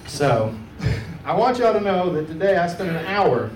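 A man's voice: high voice, big pitch swings, measured pace, a little mellow. A man doing a laid-back, chatty stand-up set on a comedy club stage, laughing at his own jokes. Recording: roomy club sound from a distance.

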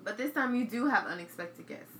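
A woman with a bright, clear voice co-hosting a casual podcast, laying out hypothetical scenarios in a relaxed way. Her voice rings in an echoey room with faint noise behind it. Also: medium pitch, a little fast. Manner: laid-back, sets up hypotheticals, laughs along. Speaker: podcast co-host posing scenarios. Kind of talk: casual chat.

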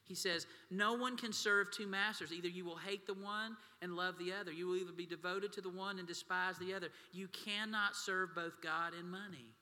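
Bright-voiced pastor preaching. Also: male voice, high voice, fairly even intonation, moderate pace, hardly any pauses. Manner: folksy storytelling, addresses crowd as y'all. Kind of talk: sermon. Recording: long hall reverb.

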